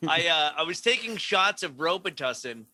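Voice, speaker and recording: A man hosting a casual comedy chat, telling jokey stories and slipping into quick voices for the people in them. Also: on the high side, sing-song, bright, forceful tone. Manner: joking, storytelling with quick impressions and frequent laughs.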